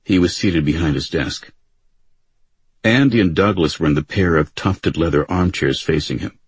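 A male audiobook narrator with a very low, husky voice. He tells the story evenly and unhurriedly. The recording is dry and close. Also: moderate pace, dry recording. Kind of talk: scripted narration. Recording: dry close studio sound.

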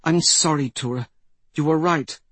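A man voicing a frightened, desperate young girl in an audiobook, with high, strained cries. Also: moderate pace, fairly bright tone, no room sound. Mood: remorseful.

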